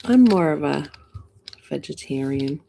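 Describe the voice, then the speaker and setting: Middle-aged woman with a Boston accent, a live-stream host, low and dark-toned, chatty and quick to laugh. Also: lively intonation, vocal fry, slight background noise. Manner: chatty, greets viewers and laughs often. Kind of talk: casual live-stream chat.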